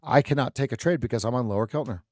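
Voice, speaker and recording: Trading-desk host, male, middle pitch, dry close sound, repetitive live commentary. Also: rapid-fire, darkish tone, dry recording. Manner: repetitive, thinks aloud with restarts.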